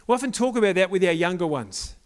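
A man's voice: high-pitched, animated, fast talker, smooth. A young man giving a casual, joking sermon to a youth group, often asking the crowd questions.

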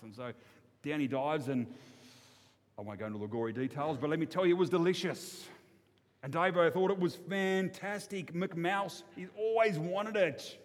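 A man's voice: on the high side, moderate pace. An Australian man telling a fable in a folksy, rambling way with many restarts. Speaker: storyteller. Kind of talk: told fable. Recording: long hall reverb.

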